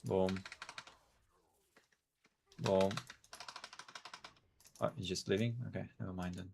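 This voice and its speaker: A low-voiced man whose first language is Portuguese, chatting casually while he streams a game. He talks in a halting way and thinks out loud as he plays. Faint keyboard clicks sit behind his voice. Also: steady tone, creaky, a little hiss or hum. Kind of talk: casual gameplay stream chat.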